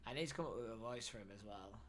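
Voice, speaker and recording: Chatty streamer, bright voice. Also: male voice, fairly low pitch, rapid-fire, a little hiss or hum. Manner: chatty, thinks aloud, self-deprecating. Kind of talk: casual live-stream chat.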